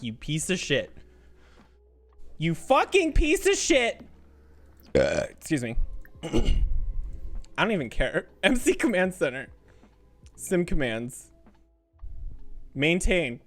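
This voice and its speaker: A man streaming a video game, swearing, yelling at the game and laughing in bursts of frantic protest. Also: a little high. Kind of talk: live-streamed gameplay commentary.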